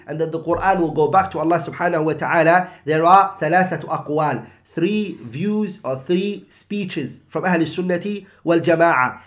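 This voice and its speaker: Man, religious teacher, somewhat high voice, measured explaining, rhetorical questions. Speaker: Islamic studies teacher. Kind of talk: explaining a religious text in English with Arabic terms.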